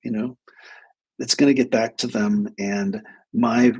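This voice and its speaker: A middle-aged man hosting a live advice stream, telling a story from his clinical work with animated asides. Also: medium pitch, unhurried, breathy edge. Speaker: host, clinician.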